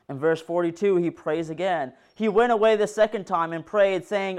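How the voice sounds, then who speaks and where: Man preaching with a smooth, clear voice. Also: sits high, normal speed, hardly any pauses. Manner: earnest preaching that reads scripture aloud, rising and falling in force. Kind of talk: sermon.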